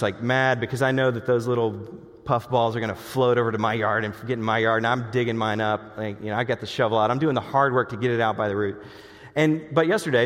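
A man preaching a sermon as a pastor in an earnest way, slowing down on key words and often restarting his sentences. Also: medium pitch, in a large hall.

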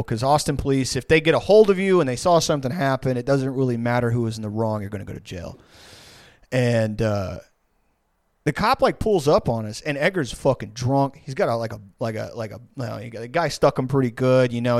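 A man recounts a wild night in a loose, rambling way, full of swearing and fillers. His voice sits at a middle pitch. The recording is close and dry, with no room sound. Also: a little fast, no room sound. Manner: profane, rambling, animated retelling. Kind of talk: casual storytelling.

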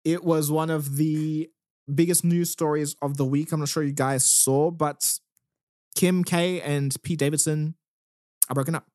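A man's voice: fairly high pitch, steady tone, unhurried, a little mellow, no room sound, studio quality. A man hosting a podcast, casually and easily walking through the week's news. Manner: easygoing, walks through news stories. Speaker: podcast host.

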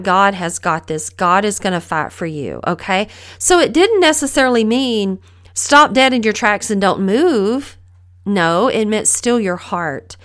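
A middle-aged woman with a mid-range, slightly bright voice hosts a podcast where she gives an informal, earnest Bible lesson. Along the way she asks the listener questions in this devotional teaching.

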